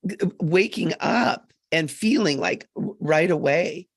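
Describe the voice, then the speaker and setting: A woman psychic medium in an earnest, emphatic live-stream chat, full of quick asides, on a webcam mic. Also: on the low side, expressive, slightly rough, no room sound, clean studio sound.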